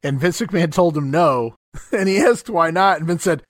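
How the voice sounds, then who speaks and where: A man's voice: on the high side, lively intonation, moderate pace, no echo. A man hosting a podcast, chatting casually and laughing along. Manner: amused, laughing, easygoing interjections. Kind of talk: casual chat.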